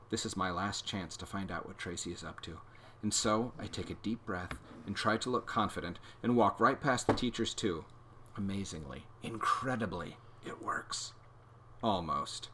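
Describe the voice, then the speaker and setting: A man reading a children's book aloud as host, with expressive, animated storytelling. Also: lowish voice, moderate pace, slight background noise.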